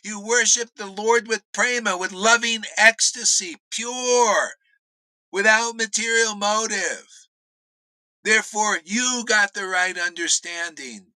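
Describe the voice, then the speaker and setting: A man with a high, piercing voice delivers a slow, unhurried rant about devotion, blunt and full of profanity. He swings from loud outbursts to low muttered asides, and the sound is close and dry. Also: no echo, poor audio. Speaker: spiritual teacher. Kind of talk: informal preaching rant.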